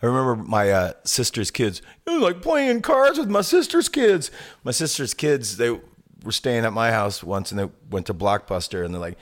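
A man co-hosting a podcast, chatting casually and telling jokey, animated stories. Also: mid-range voice. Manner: animated storyteller, quick to joke. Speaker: podcast co-host. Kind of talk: casual chat.

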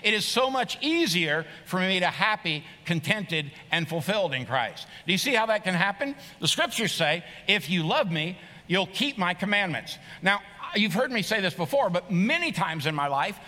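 A man's voice: sits high, big pitch swings, moderate pace, sharp tone. A middle-aged man preaching a sermon as pastor, earnest and emphatic, often repeating phrases. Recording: long reverb of a large hall.

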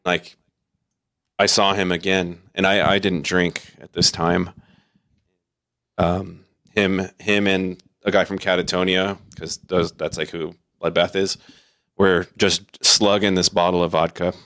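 Deep-voiced dude rambling through tour stories, lots of "like" and restarts, dry close sound. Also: male voice, a little slow, no room sound. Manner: rambling, many fillers and restarts, animated quoting. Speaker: podcast guest, metal vocalist. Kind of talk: casual chat, storytelling.

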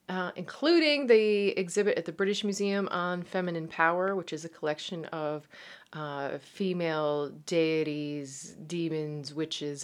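Chatty Newfoundland woman, lowish voice. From Newfoundland, Canada. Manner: chatty, rambling, with many fillers and restarts. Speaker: podcast host. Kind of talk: casual chat.

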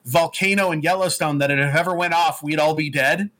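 Man, slightly high voice, bright and forceful, rambling profane game recap, casual chat. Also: fairly even intonation, fairly quick.

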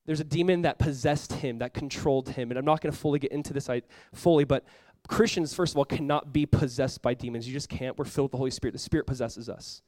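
A man's voice: mid-range voice, fast, few pauses, darkish tone, no echo. A man preaching a sermon as pastor, earnest and conversational, often acting out what people say.

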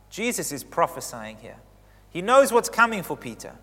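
A man preaching a sermon who gets animated, swinging in pitch and loudness as he drives his points home. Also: moderate pace, in a large hall.

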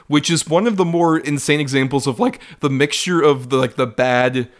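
A man's voice: a little high, moderate pace. A man co-hosting a film podcast, rambling casually with lots of "like", swearing and laughing. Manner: rambling, filler-heavy, profane, laughing. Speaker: podcast co-host. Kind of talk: casual film review chat.

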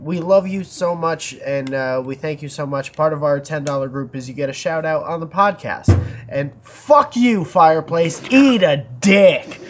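A man's voice: on the high side, slight background noise. Congested, grumpy man cracking jokes. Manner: grumpy, profane, punning jokes. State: congested, stuffed-up nose from a cold. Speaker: podcast co-host. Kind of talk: casual podcast banter.

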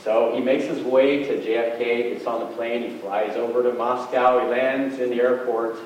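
A middle-aged man tells a homespun story from the pulpit in a plain, conversational way, at an ordinary pitch for a man. His voice comes from some way off the mic and rings around a very echoey hall, with a faint hiss underneath. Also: flat delivery, normal speed, darkish tone, distant mic, dull audio. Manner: folksy, conversational, plain-spoken. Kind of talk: storytelling sermon.

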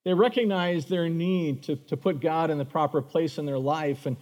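A man preaching a sermon, animated, acting out the voices of the figures in the story he tells. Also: fairly high pitch, normal speed, in a large hall. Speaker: pastor.

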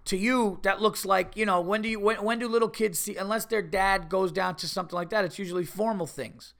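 Podcast host, middle-aged New man, slightly high voice with gravelly fry, loose rambling storyteller. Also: brisk. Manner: rambling, animated, with many restarts and mock voices. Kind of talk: casual storytelling.

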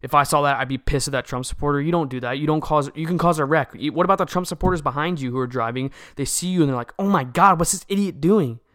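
A man's voice: on the high side, rapid-fire, hardly any pauses, fairly bright tone, no echo, clean studio sound. A man giving an earnest, lecturing opinion monologue to his viewers, often restarting phrases and checking in with "okay?". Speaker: political commentator. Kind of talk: casual opinion monologue to camera.

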